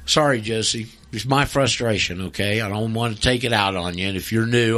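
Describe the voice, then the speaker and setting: A man hosts a call-in radio show in blunt, folksy talk. He is emphatic and easily frustrated, and his voice sits at an ordinary middle pitch. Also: normal speed, hardly any pauses, pushed and bright.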